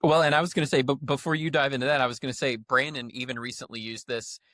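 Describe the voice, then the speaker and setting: A man telling a workplace story with lively retold quotes in a casual podcast conversation. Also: medium pitch, fast talker, no room sound, studio quality. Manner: animated storyteller, acts out quotes. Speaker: podcast guest, roofing company leader.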